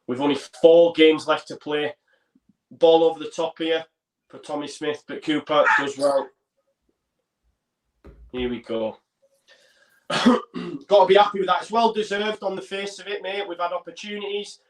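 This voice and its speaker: A man's voice: on the high side, normal speed, pauses often. A man co-hosting a football fan watchalong, chatting casually and calling the play as it happens. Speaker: co-host of a fan watchalong stream. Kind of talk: casual live match chat with commentary. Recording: roomy echo.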